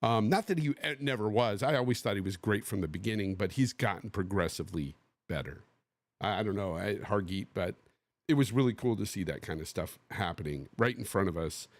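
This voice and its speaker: A man's voice: fairly low pitch, fairly quick, no echo. A man from the Bay Area hosting a podcast, telling a casual story and acting out what other people said. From Bay Area, USA. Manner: animated, acts out quotes of others. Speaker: podcast host.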